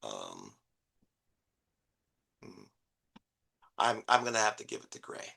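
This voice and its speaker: A man's voice: lowish voice, wildly swooping pitch, unhurried, creaky, sharp tone. A man co-hosting a podcast in casual chat, hesitant and repeating words, laughing often. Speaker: podcast co-host.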